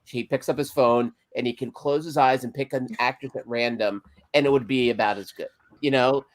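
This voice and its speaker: A man's voice: mid-range voice, steady tone, brisk, no echo. A man co-hosting a podcast, rambling with frequent stammers and self-deprecating jokes. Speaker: podcast co-host. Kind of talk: casual chat.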